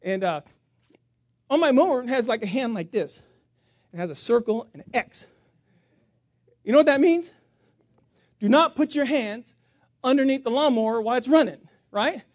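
A middle-aged man preaching, telling a story on himself with big swings between loud outbursts and quiet asides. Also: very high-pitched, moderate pace, long pauses, no echo, studio quality. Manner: animated, self-mocking storyteller with voice swings. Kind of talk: sermon storytelling.

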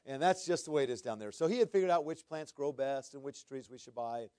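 A man, a pastor, preaching a sermon and telling a story, earnest, often repeating his words, moving between loud and hushed. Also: mid-range voice, fast talker, no echo.

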